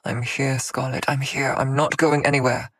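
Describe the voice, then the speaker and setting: A woman's voice: very deep voice, little pitch movement, normal speed, fairly bright tone, no room sound. A woman voicing a protective male fae general who speaks in a firm, soothing, commanding way.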